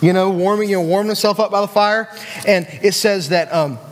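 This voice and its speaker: A youth pastor with a West Virginian accent preaches briskly in a high voice, with a long reverb tail on the sound. His sermon is chatty and conversational, full of restarts and asides to the audience.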